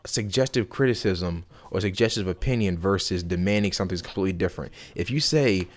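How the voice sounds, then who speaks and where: A man's voice: low voice, fast. A man hosting a gaming video who gives casual, emphatic advice straight to his viewers, repeating his points and calling them y'all. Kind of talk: casual advice vlog to camera.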